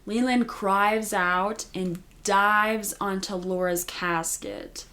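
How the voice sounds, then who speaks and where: A woman's voice: medium pitch, fairly even intonation, slow, background noise. A woman giving a casual, chatty recap of a TV episode, with lots of "like" and "you know". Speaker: recap host.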